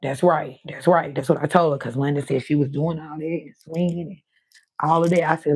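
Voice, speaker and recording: A woman's voice: low voice, steady tone, brisk, darkish tone, slightly rough, dry recording. An older woman, hosting a live stream and chatting casually, telling stories full of quoted voices.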